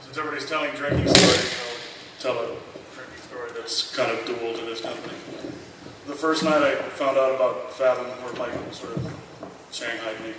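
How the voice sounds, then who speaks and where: A man's voice: medium pitch, moderate pace. Man telling a drinking story in an echoey hall. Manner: animated anecdote-teller, acts out dialogue, laughs often. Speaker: convention panel speaker. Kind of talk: storytelling at a memorial panel. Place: large convention hall. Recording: echoey hall miked from far, noisy.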